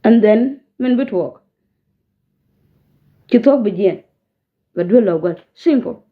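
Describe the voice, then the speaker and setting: A woman's voice: medium pitch, expressive, takes it slowly. A woman from South Sudan giving a scolding message direct to camera, mixing languages and warning her listener. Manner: scolding, warning, code-switching. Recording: tinny phone-like audio.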